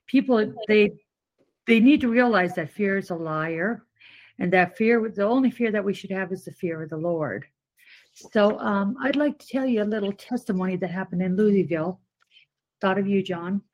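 A woman caller on a live talk show, telling a personal story in an animated way, with many fillers. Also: medium pitch, moderate pace, low-quality recording.

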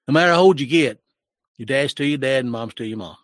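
A man's voice: mid-range voice, quick pace, no echo, clean studio sound. An older man in his sixties giving emotional, preachy commentary in a sermon-like style, with his voice rising when he gets worked up.

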